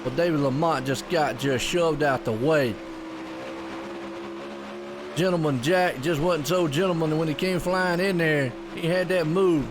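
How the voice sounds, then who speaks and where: A man calling a sim racing event, excitable and folksy, with loud bursts on big moves. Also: a little high, a little slow, background noise. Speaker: race commentator. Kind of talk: sim racing play-by-play commentary.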